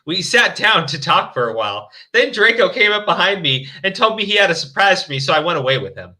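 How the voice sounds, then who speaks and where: A man's voice: a little high, very animated, moderate pace, pushed and bright. A male streamer chatting casually and mockingly reading a fan story aloud, often laughing and stumbling over his words. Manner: laughing, crude, hesitant restarts.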